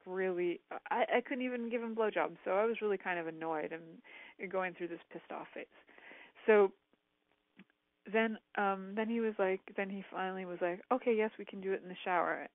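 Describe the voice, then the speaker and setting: A woman's voice: mid-range voice, no echo. Woman talk host, candid rambling storyteller, filler-heavy; phone-line sound, dry and close. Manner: frank, rambling, heavy use of "like" and "um".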